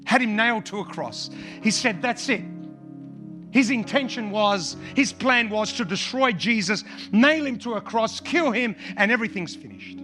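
A man's voice: high-pitched, lively intonation, normal speed, few pauses, sharp tone, faint music behind. A male pastor preaching a sermon with impassioned, repetitive emphasis.

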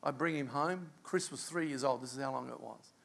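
A middle-aged Australian man preaching a sermon as pastor, telling a personal story in an animated way with quiet asides. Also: mid-range voice, a little fast, vocal fry.

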